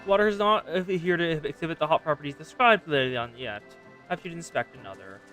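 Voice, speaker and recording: A man commenting casually on his own gameplay, talking to himself, swearing, and swinging between loud exclamations and quiet mutters. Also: fairly high pitch, animated, a little fast, soft background music. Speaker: game streamer.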